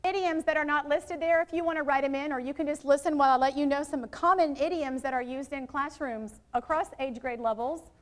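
High-voiced woman leading teacher training. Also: fairly quick, hardly any pauses. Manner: lively, chatty presenter with audience asides. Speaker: literacy trainer presenting to educators. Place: training room with audience. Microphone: worn microphone.

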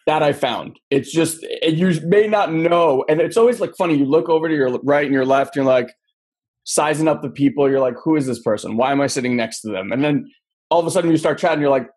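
A man's voice: on the high side, a little fast, darkish tone, breathy edge. A man hosting an interview in a loose, chatty way with many fillers. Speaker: interview host. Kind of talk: casual interview.

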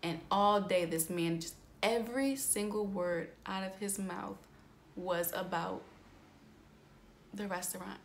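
A woman's voice: medium pitch, slow, creaky. Young female vlogger, mid-range voice, chatty and candid, lots of fillers, light background noise. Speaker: astrology vlogger. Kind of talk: casual storytelling vlog.

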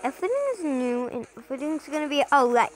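A woman's voice: sits high, quick pace, poor audio. A young woman playing a game and talking aloud as she plays, chatty, repeating words in bursts with sudden yelps. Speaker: gamer playing a parent role. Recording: game music playing behind.

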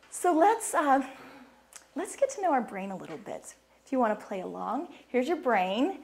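A middle-aged woman gives an upbeat inspirational talk, her somewhat high voice swinging widely in pitch. She laughs often and keeps asking the audience questions. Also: moderate pace, creaky. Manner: animated, laughing, quizzes the audience. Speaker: speaker at a women's conference.

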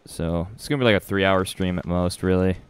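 A man's voice: low voice, brisk, smooth. Nervous young man streaming a horror game. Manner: nervous, rambling, laughs often. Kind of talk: live gameplay commentary.

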